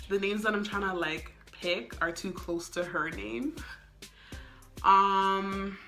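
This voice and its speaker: A woman's voice: medium pitch, fairly even intonation, very slow, long pauses, sharp tone, soft background music. A young woman telling a casual storytime, chatty and full of "like" and "um.". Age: young adult. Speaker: vlogger.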